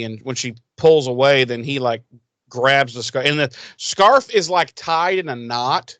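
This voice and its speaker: A man's voice: medium pitch, measured pace, pauses often, fairly bright tone, dry recording. A man co-hosting a podcast, recapping an episode in a rambling, profane way and acting out characters' lines in silly voices. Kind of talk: casual crude recap chat.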